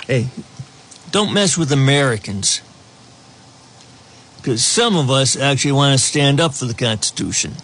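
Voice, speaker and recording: A man's voice: mid-range voice, animated, unhurried, long pauses, fairly bright tone, slight background noise. A man hosting a talk radio show, giving an opinionated monologue that rambles, with frequent chuckles and restarts. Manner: rambling, chuckles often, many restarts and fillers.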